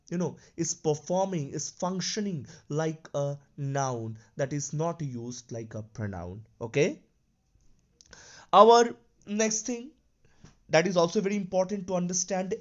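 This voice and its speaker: A man's voice: sits high, a little mellow, highs cut off. A man teaching an English grammar lesson, explaining patiently and repeating his examples with lots of "you know" and "okay".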